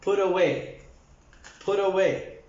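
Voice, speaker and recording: A man teaching an English lesson to Spanish speakers, speaking slowly and repeating words for practice. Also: high voice, darkish tone. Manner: slow, repeats words for drills. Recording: echoey, dull lo-fi room sound.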